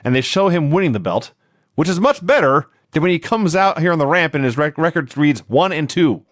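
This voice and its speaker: A man's voice: a little fast, no room sound, studio quality. A man co-hosting a podcast, giving a wry, laughing recap of a wrestling show in casual chat. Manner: wry, laughing recap with lively swings in pitch.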